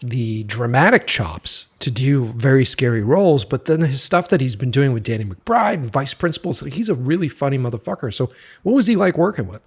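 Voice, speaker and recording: A man hosting a podcast interview in a loose, casual way, laughing often and swearing freely. His voice has a husky, breathy edge at a middling pitch. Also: animated, fairly quick. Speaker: podcast host.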